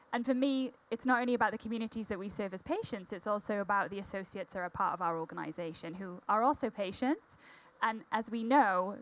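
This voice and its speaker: A woman's voice: mid-range voice, a bit bright. A Welsh woman speaking as a panelist, answering questions with upbeat enthusiasm and a few fillers. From Wales. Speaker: panelist, diversity executive.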